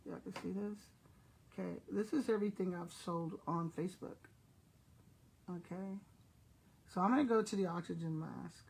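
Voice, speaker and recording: A woman's voice: on the low side, steady tone, normal speed, creaky, pauses often, a little mellow, a little hiss or hum, poor audio. An older woman telling stories to her online viewers in a chatty, laughing way, talking to them directly. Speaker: online seller and vlogger. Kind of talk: casual storytelling to viewers.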